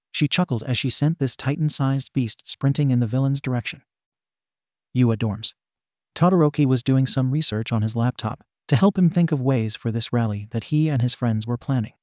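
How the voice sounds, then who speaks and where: A man's voice: medium pitch, darkish tone, dry recording. Man reading a story, dry close sound. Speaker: narrator. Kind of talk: fan fiction reading.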